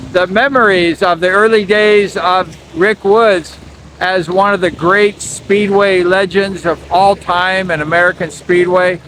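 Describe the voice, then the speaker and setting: A man's voice: sits high, background noise. Admiring man narrating a tribute. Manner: admiring, repetitive praise. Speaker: channel host and narrator. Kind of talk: casual spoken tribute narration. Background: music.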